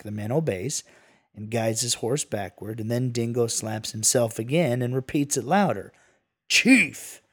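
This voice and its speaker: A man's voice: mid-range voice, darkish tone. A man narrating a western tale in a folksy, casual manner with asides. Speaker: storyteller.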